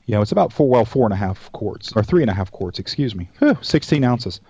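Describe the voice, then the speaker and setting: A man's voice: on the low side, sing-song, fast talker, a little mellow, breathy edge, dry recording. A man hosting a cooking show, chatting casually in a folksy, rambling way and telling jokes along the way. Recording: dull dry lo-fi recording.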